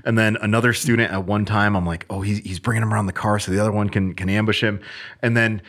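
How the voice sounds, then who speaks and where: A man, a firearms instructor, telling a story in casual chat with lively acted-out quotes. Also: on the low side, quick pace.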